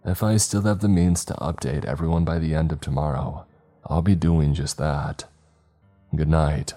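Very deep-voiced man narrating horror. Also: fairly even intonation, faint music behind. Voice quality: very deep, dark voice. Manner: slow, measured, grave delivery.

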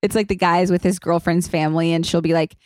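A woman hosting a podcast in casual chat, talking fast in loose bursts full of "like" and acting out quotes. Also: fairly low pitch, fairly even intonation, darkish tone, no room sound, studio quality. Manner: chatty, many likes and restarts, acts out quotes. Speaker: podcast host.

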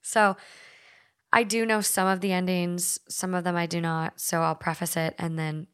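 A young woman with a Minnesota accent hosts a podcast in a loose, conversational way. She swears freely and fills her talk with "like". She sounds relaxed and unscripted as she reads stories aloud. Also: on the low side, normal speed, clean tone. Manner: swears freely, chatty, many "like" fillers. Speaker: podcast host. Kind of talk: casual chat, reading stories aloud.

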